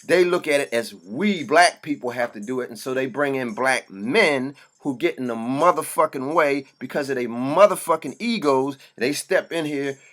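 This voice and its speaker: A man with a mid-pitched voice pours out a passionate monologue. He is blunt and swears freely. His delivery comes in forceful, preaching bursts. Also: moderate pace, hardly any pauses. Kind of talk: impassioned monologue.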